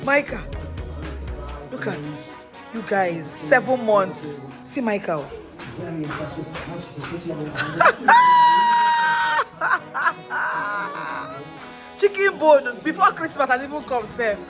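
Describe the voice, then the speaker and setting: A woman's voice: a little high, animated, a little slow, pauses often, over loud music. A woman, chatting casually to her vlog audience, gushing and laughing often. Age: 30s. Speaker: vlogger.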